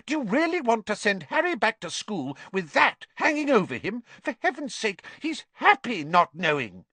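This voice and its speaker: Molly Weasley, a man voicing a fretful high-pitched mother. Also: huge pitch swings, moderate pace, pushed and bright, husky, no room sound, exaggerated voice. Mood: anxious pleading. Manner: pleading, exasperated. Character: anxious protective middle-aged mother. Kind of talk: audiobook reading.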